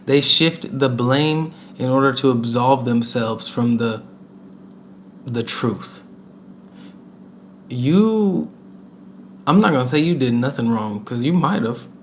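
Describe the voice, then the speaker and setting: A man's voice: medium pitch, a little slow. Male tarot reader, mid-range voice, chatty and emphatic delivery, faint background hiss. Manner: chatty, emphatic, repeats words, laughs between points. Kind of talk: casual tarot reading to camera.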